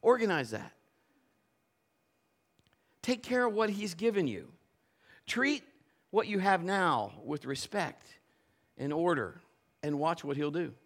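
A man preaching at a church service, a pastor who tells stories with plenty of animation. His voice sits a little on the high side and swoops up and down a lot as he acts out the people in his story. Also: big pitch swings, slow pace, pauses often. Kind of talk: sermon with personal story.

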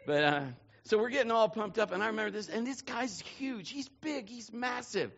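A male pastor preaching a sermon, telling stories with lively energy and building to shouts. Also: sits high, moderate pace, gravelly, dull audio. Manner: animated storytelling, building to shouts.

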